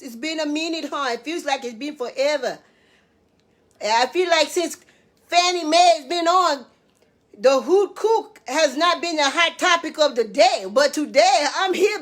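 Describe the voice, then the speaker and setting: A woman's voice: high-pitched, fairly bright tone. A woman in a casual cooking vlog, talking to her viewers in a chatty, playful way, calling them babies and honey. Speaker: cooking show host.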